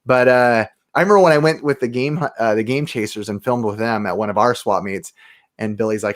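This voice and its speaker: Man, casual stream guest, upbeat and talkative, medium pitch. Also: fairly quick. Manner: upbeat, talkative anecdote teller. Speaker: YouTube show host, guest. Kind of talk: casual livestream chat.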